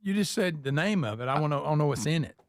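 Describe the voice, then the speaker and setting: Male radio co-host, rapid and slightly high voice, dry close studio sound, brisk and teasing. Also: animated. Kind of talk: casual studio banter.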